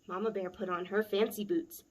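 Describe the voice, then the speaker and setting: A woman, a children's librarian, reading a picture book aloud at story time with a gentle, expressive manner. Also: medium pitch, normal speed.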